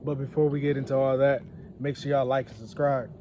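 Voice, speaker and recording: Mellow laid-back male co-host. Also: medium pitch, fairly even intonation, brisk, slight background noise. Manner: laid-back, rambling advice to viewers. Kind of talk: casual couple chat.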